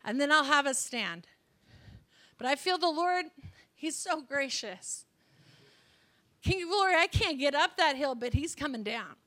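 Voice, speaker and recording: A woman guest speaker giving a sermon in a prayer room, telling stories with lively energy and frequent laughter. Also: high voice, measured pace, long pauses. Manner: animated storytelling, laughing often.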